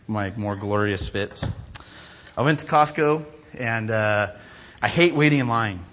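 Bright-voiced storytelling pastor. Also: male voice, mid-range voice. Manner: animated, self-mocking, acts out quoted voices. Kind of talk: storytelling sermon.

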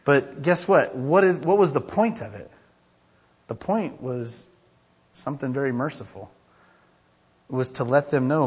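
Man pastor, casual sermon, chatty, mid-pitched voice, long hall reverb. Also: a little slow, pauses often, slightly rough. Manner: conversational, chatty, with frequent fillers and asides; reads scripture aloud.

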